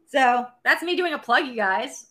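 A woman hosting a relaxed movie podcast. Her voice is bright and sits fairly high, and she talks in a loose, chatty way with plenty of fillers and restarts. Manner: chatty, filler-heavy, quick plugs. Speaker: podcast co-host. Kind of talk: casual chat.

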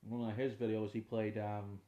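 A man's voice: on the low side, little pitch movement, brisk, lo-fi sound. A young man with a Northern Irish accent hosting a casual, unscripted podcast, sweary, rambling and self-mocking. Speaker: podcast host. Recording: roomy echoing room.

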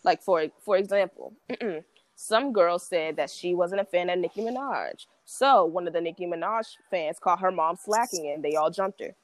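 A woman's voice: on the low side, normal speed, dry recording. A young woman in casual, teasing chat with friends on a podcast, laughing often.

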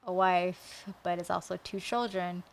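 A woman co-hosting a casual true-crime podcast, blunt and quick to swear. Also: lowish voice, fairly even intonation. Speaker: podcast co-host.

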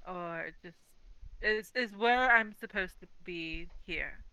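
A woman player in a tabletop role-playing session, chatting casually and playfully. Her voice is very bright and smooth, and the recording is dry and close. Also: on the low side, slow pace, no room sound, poor audio. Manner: giggly, playful.

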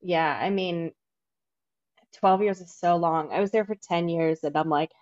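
A woman's voice: lowish voice, measured pace, a little mellow. A woman hosting a podcast interview, candid and chatty, who swears casually. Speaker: podcast host. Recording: dull lo-fi audio.

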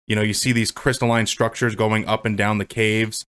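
A man's voice: fairly low pitch, flat delivery, normal speed, a bit bright, smooth. A man casually recapping a movie scene by scene on a podcast, joking, swearing and breaking into silly voices. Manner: goofy, profane, does silly character voices. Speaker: movie rewatch podcast co-host. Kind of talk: casual movie commentary chat.

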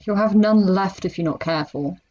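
A woman voicing a tense young caretaker who gives sharp, loud orders in a story reading. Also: mid-range voice, fairly quick, dull audio, natural voice. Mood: urgent.

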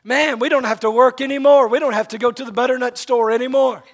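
Whiny, greedy crowd, man putting it on; loud and high. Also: steady tone, fast. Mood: demanding. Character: demanding hungry crowd wanting free bread.

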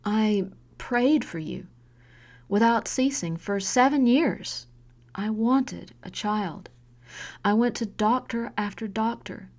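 A woman's voice: on the high side, darkish tone. A woman voicing an intense middle-aged mother who is hard on her daughter, speaking in an earnest, pressing way in an audiobook story. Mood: earnest, pleading. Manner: earnest, pressing, slow deliberate pleading.

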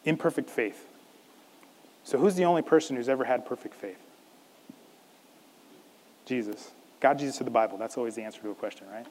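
Animated male preacher in a reverberant hall. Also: medium pitch, fairly quick, long pauses. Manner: animated, acts out the scene in voices. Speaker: pastor. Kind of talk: sermon.

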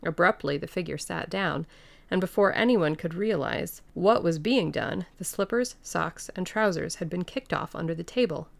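Female audiobook narrator, measured, low and gravelly. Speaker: audiobook reader. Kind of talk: scripted narration.

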